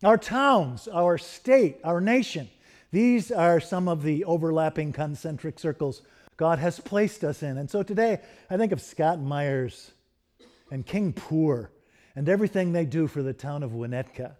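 Man preaching a sermon, slightly high voice. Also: animated, darkish tone. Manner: storytelling, slows down to stress key phrases. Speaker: pastor.

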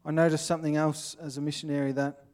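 A man's voice: fairly high pitch, little pitch movement, fast, darkish tone. An Australian man giving an earnest, plainspoken sermon, with little acted-out scenes. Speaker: pastor.

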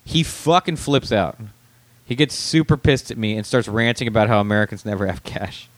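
A man's voice: on the low side, animated, fairly quick, no room sound. A young man chats on a podcast, telling a long anecdote in a rambling way and acting out what people said. His voice is recorded close and dry, with no room sound. He swears casually as he goes. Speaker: podcast co-host and comedian. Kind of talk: casual chat, storytelling.

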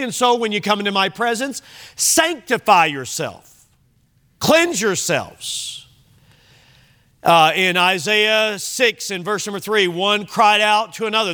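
A man's voice: high-pitched, measured pace, bright, forceful tone, clear, resonant tone. A man preaching an earnest sermon as pastor, quoting scripture in old-fashioned wording. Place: church sanctuary.

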